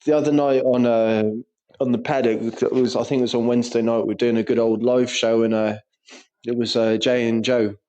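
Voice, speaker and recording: A man's voice: mid-range voice, level tone, fairly quick, dark tone. A young man co-hosting a podcast, chatting casually and swearing through stories and banter. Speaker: podcast co-host. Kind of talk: casual chat.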